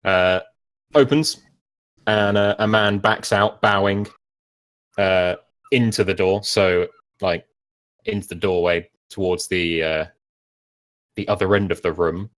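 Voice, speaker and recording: Rambling game master, low voice. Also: male voice, steady tone, takes it slowly, long pauses, a bit bright. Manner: rambling, self-mocking, many fillers. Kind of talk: narrating a tabletop game.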